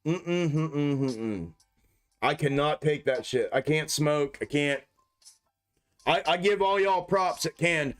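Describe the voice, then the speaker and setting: A young man live streaming, rambling casually with heavy slang and lots of swearing. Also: fairly high pitch. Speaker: stock market live streamer.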